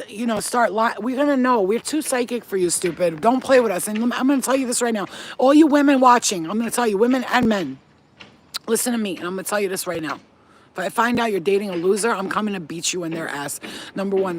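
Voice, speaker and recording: A woman giving a casual spiritual pep talk to her viewers as a reader, blunt, profane and animated. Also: medium pitch, slight background noise.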